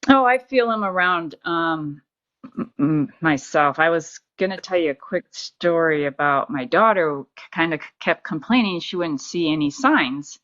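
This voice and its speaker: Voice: mid-range voice, expressive, moderate pace, fairly bright tone, no room sound, dull audio. A caller getting a reading, telling a story in a conversational way with a few stammers.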